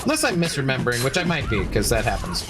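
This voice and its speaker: A man's voice: medium pitch, wildly swooping pitch, fast talker, over music. A man chatting casually on a livestream, reading chat aloud and rambling playfully with many self-corrections.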